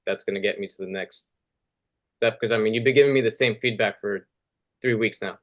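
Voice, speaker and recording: A lower-voiced man answers his coach in a relaxed, agreeable way, saying the feedback is spot on. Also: brisk. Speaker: sales trainee. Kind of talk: casual reply.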